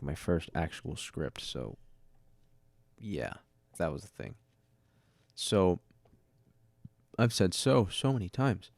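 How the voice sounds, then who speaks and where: A yawning man hosting a solo podcast, talking in a loose, rambling way with a deep voice. He keeps laughing at his own jokes and catching himself mid-thought. The sound is dry and close, recorded at home on a desk mic. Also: vocal fry, a little mellow, no room sound. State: sleepy, yawning. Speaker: podcast host. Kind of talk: casual solo podcast talk. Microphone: studio mic with audio interface.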